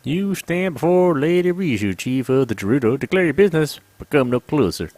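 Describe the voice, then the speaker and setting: A man's voice: on the high side, animated, a little fast, darkish tone, no room sound, close to an everyday voice. A man voicing a young female desert chief in a game, speaking in a formal, commanding way. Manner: formal, imperious.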